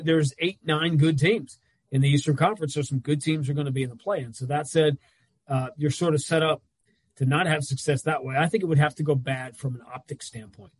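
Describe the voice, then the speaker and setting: Husky guy with a slightly high voice, animated sports talk, dry close sound over a video call. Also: dry recording, low-quality recording. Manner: animated storyteller, quick asides. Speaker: guest, radio play-by-play announcer.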